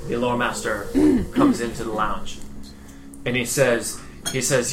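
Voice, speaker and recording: A man narrating as game master of a tabletop role-playing game, in a relaxed way with fillers. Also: mid-range voice, a little slow, roomy sound, noisy background.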